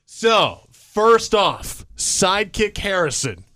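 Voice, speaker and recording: A man's voice: sits high, sing-song, slow, bright, forceful tone, no echo. A man hosting a morning radio show in a studio, leading an upbeat segment. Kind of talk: radio host banter.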